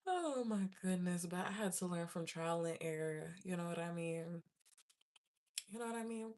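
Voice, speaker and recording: On the low side and slow, with frequent pauses, a young woman's voice tells her viewers a story in a casual way. The vlogger is animated, laughing often and playing out her panicked past self.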